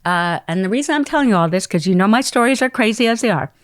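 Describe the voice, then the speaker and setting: A woman's voice: medium pitch, lively intonation, fast talker, no echo, studio quality. A middle-aged woman telling a long story as an interview guest, acting out the people in it and sometimes dropping to a whisper. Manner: acts out quoted voices and phone calls, dropping into whispers. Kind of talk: animated storytelling.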